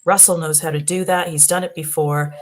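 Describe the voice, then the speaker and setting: Low-voiced woman, halting panel chat. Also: fairly even intonation. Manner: halting, many restarts and fillers. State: voice going tired. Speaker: podcast panelist. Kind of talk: casual chat.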